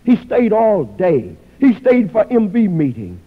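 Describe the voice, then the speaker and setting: Animated preacher on a tinny recording. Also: male voice, high-pitched, measured pace. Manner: dramatic storytelling, voicing the people in the story. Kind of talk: sermon. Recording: tinny phone-like sound with long hall reverb.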